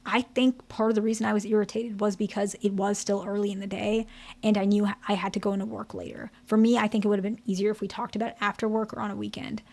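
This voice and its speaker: A woman's voice: mid-range voice, flat delivery, quick pace, creaky, a little mellow. A woman acting out a remorseful adult husband who is apologizing earnestly in a teaching example.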